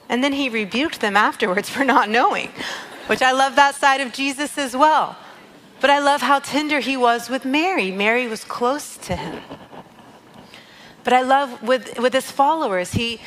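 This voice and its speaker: A woman with a fairly high voice gives a devotional teaching. She speaks in a heartfelt, conversational way and reads scripture passages aloud between her own reflections. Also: expressive, a little slow, a bit bright, a little hiss or hum, poor audio. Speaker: worship leader sharing a devotional.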